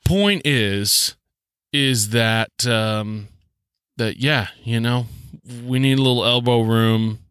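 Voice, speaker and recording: A man's voice: mid-range voice, takes it slowly, a bit bright, smooth, dry recording, studio quality. A man with a Southern US accent hosting a rambling, joking solo podcast, full of ums and restarts. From southern United States. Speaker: podcast host.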